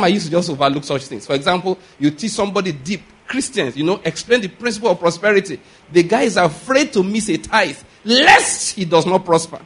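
A man's voice: high-pitched, breathy edge. A middle-aged male pastor preaching a sermon in an earnest, emphatic way, often checking that his listeners follow.

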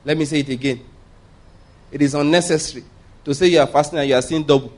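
A man preaching with a slightly raised, fairly high voice. He hammers his points home by repeating them and firing rhetorical questions at his listeners. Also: steady tone, fast, darkish tone. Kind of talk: sermon.

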